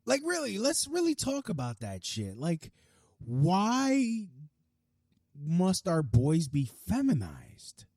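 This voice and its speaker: Young guy ranting and swearing, lively swooping voice, really dry sound. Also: high-pitched, husky, dry recording. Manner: heated, profane, fast-talking with many restarts. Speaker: podcast host. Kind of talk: profane ranting monologue.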